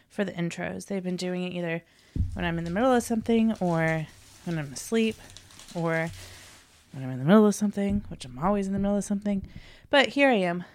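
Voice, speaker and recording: A woman's voice: medium pitch, no echo. A woman hosting a podcast in casual chat, a bit out of breath and tired, rambling as she talks. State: out of breath, recovering from illness. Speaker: podcast host.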